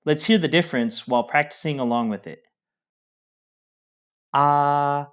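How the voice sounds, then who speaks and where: A man of ordinary pitch explains pronunciation rules in a calm, friendly lesson tone. He speaks plainly, as a co-teacher. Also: fast. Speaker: Mandarin co-teacher.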